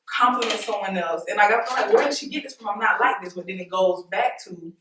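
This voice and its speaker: Animated woman talking in an echoey room. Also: mid-range voice, fast talker, noisy background. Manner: animated storytelling, quoting family conversations. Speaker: host. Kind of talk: casual group discussion. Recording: echoey room, mic at a distance.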